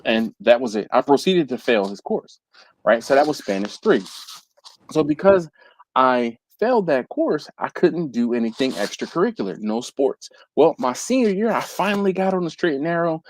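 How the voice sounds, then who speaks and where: A man with a slightly high voice hosting a live online chat. He tells a long, loose story with plenty of animation, jumping into other people's voices as he goes. The talk is relaxed and conversational. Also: normal speed, a little hiss or hum. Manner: animated, acts out quoted people. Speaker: live stream host.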